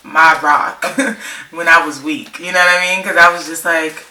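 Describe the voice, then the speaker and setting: Young female vlogger from California, laughing storyteller, slightly low voice in a roomy space. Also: steady tone, measured pace, sharp tone, distant mic. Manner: slangy, rambling, laughs often. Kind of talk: casual storytime chat. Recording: roomy, off-mic, faint noise.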